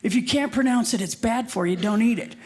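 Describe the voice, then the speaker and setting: A woman's voice: a little high, a little fast, a little mellow. A woman doing wry, punchline-driven stand-up comedy.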